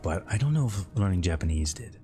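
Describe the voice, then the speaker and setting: A man with a very low voice and a slightly scratchy throat, rambling in a relaxed way while he streams a game. He talks a touch loud into a close mic, with faint music playing behind him. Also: fairly quick. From American Midwest. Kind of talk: casual chat while gaming.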